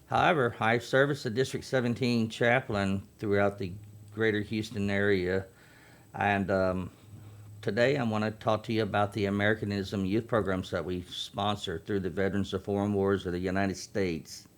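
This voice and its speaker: A man's voice: on the low side, steady tone, moderate pace. A man in his fifties, a Navy veteran and chaplain, earnestly explaining youth programs in a radio interview. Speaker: veterans' group chaplain and guest.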